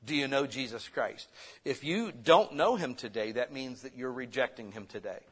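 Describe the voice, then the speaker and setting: A man preaching a sermon as pastor, conversational and lively, swinging between loud bursts and soft asides. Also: mid-range voice, moderate pace, slightly rough.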